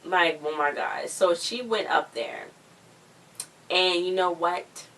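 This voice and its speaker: A woman's voice: lowish voice, takes it slowly, a bit bright, distant mic. A woman recapping a TV episode in a casual, slangy, chatty way, often acting out what characters say. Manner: chatty, slangy, acts out quotes. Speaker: show recap vlogger.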